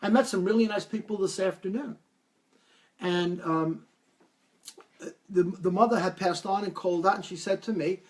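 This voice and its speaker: A man giving a live-stream talk as a medium, taking viewer questions and telling stories with lively acted-out quotes. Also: sits high, moderate pace, long pauses. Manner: animated storytelling, acts out quoted voices.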